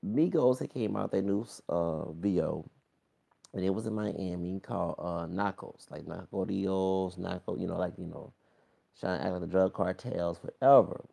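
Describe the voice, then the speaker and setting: Gravelly-voiced man rambling gossip commentary. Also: low voice, moderate pace, dark tone. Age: 30s. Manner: rambling, exclaiming, talks straight to viewers. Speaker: vlogger. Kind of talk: casual celebrity gossip commentary.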